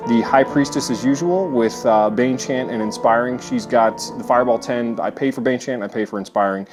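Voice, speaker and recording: A man's voice: medium pitch, brisk, music in the background. Matter-of-fact guy explaining his army. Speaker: co-host. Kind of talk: casual tabletop game chat. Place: basement.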